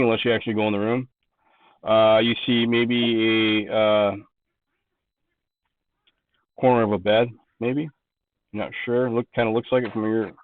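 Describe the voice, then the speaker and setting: A man runs a tabletop game, describing each room as he thinks aloud about what the players can see. His voice comes through a narrow, tinny line with no room sound around it at all. He speaks at an everyday pitch. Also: dry recording. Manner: descriptive, thinking aloud while setting scenes. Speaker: game master.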